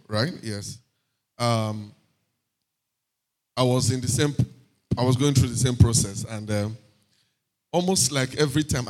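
A man with a Nigerian accent giving a sermon testimony in church, lively and sprinkled with hallelujahs and pidgin asides. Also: mid-range voice. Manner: lively, punctuated by frequent hallelujahs and amens. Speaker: preacher sharing a testimony.

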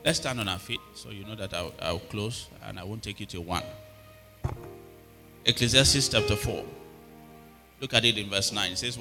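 A man's voice: fairly low pitch, pushed and bright, long reverb tail. A middle-aged male pastor preaching a sermon and often asking the congregation if they are hearing him. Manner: preaching with repeated call-outs to the congregation.

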